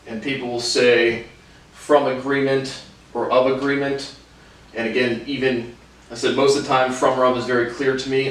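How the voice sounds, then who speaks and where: A man giving a casual video lesson on Spanish verbs, rambling and hesitant with many fillers. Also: medium pitch. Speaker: language learner teaching Spanish verbs. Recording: very echoey room, mic at a distance.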